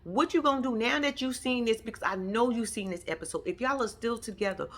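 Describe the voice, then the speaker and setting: A woman's voice: on the high side, quick pace, fairly bright tone. A woman giving a casual commentary recap of a reality TV episode, blunt and profane, acting out the people she quotes.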